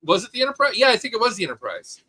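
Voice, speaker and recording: A man co-hosting a casual podcast chat, opinionated and animated, with many restarts. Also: sits high, very fast, husky, dry recording, low-quality recording. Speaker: podcast co-host.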